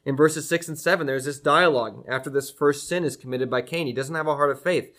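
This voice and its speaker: A pastor preaching an earnest, emphatic sermon to his church, slowing down to stress key phrases. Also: on the high side, a bit bright. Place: church with an online audience.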